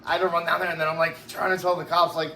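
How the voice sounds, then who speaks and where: A fairly high, creaky male voice with a level, sharp tone fires off words rapidly as he tells a long, rambling, profane story in an interview, full of "like" and "right?" He's breathless and on oxygen, recorded in an echoey room with faint background noise.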